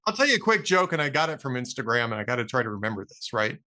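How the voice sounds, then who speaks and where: A man's voice: mid-range voice, very animated, rapid-fire, sharp tone. A man hosting a political talk podcast, chatting casually and telling a joke with a few fillers. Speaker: podcast host. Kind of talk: casual chat.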